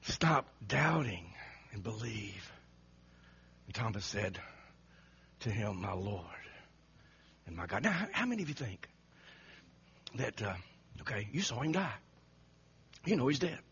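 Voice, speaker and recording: A man preaching an animated sermon, telling the story dramatically and acting out the quotes with frequent laughter. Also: mid-range voice, unhurried, long pauses, breathy edge. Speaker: pastor. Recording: muffled lo-fi recording.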